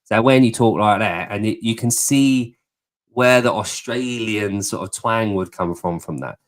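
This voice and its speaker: English male podcast host, lowish voice, loose chatty delivery with easy laughs. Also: unhurried. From southeast England. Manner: chatty, laughs easily, swears casually. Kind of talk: casual chat.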